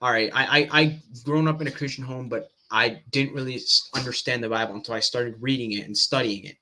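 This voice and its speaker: A man with a bright, clear voice comments on a clip in a loose, unscripted way. He hesitates often, restarts his sentences and leans on fillers while he thinks. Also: medium pitch, steady tone, fairly quick. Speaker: Christian apologetics commentator. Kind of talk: casual reaction commentary.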